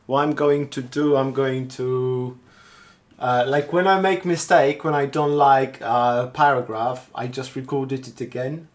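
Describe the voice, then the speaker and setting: A man's voice: mid-range voice, fairly even intonation, unhurried. A man talking casually on a live stream, thinking aloud and rambling as he repeats himself. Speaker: street artist streaming live.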